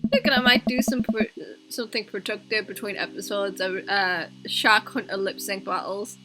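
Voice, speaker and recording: A woman streaming a dating game, reading its dialogue aloud with animated reactions and frequent laughter. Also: medium pitch, moderate pace, rough recording. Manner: animated, laughs often, gushes emotionally. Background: game music.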